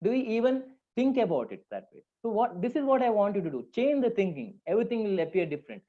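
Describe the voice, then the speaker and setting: A man's voice: sits high, very animated, fast. A man with an Indian English accent, a counselor giving a motivational talk to students, conversational and asking the audience questions. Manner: conversational, asks the audience questions, repeats phrases. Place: lecture hall. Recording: dull lo-fi sound.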